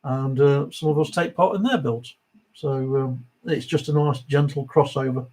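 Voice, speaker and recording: Hosting a diecast model livestream, this middle-aged East Midlands man chats like he's among mates, reading viewers' comments aloud with a chuckle between each. He's from the English Midlands. His mid-range voice runs at normal speed and sounds a little mellow.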